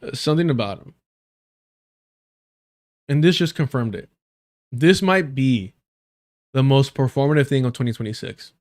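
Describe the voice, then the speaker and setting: A man's voice: medium pitch, moderate pace, pauses often, a little mellow. A man hosting a live stream, giving blunt, profane and emphatic casual commentary while reacting to clips.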